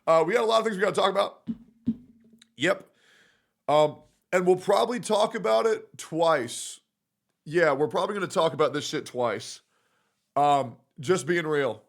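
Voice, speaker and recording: A man on a casual livestream, talking brashly and swearing a lot, looping back to the same points. His voice sits a little higher than most men's. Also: moderate pace, vocal fry, long pauses. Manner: brash, profane, repetitive. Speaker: streamer.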